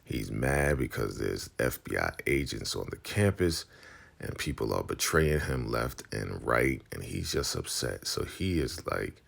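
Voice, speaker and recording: A man's voice: very deep voice, expressive, unhurried, gravelly, fairly bright tone. A man casually recapping a TV episode in a laid-back, slangy way. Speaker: TV recap vlogger.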